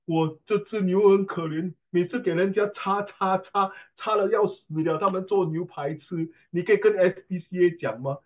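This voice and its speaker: A man's voice: high-pitched, normal speed, few pauses, natural voice. A man with a Singaporean accent voicing a pitiful male bull who pleads about being stabbed, over a tinny phone-like line. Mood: pleading. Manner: plaintive, pleading.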